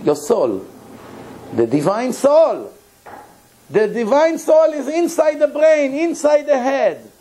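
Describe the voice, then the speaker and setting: Animated storytelling rabbi, high voice. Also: male voice, a little hiss or hum, rough recording. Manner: animated, acts out both sides of a dialogue; laughs between lines. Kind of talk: storytelling sermon.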